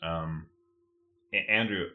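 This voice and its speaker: A man's voice: sits low, steady tone, takes it slowly, narrow, tinny audio. A man co-hosting a podcast in casual chat, earnest and playfully exasperated. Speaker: podcast co-host.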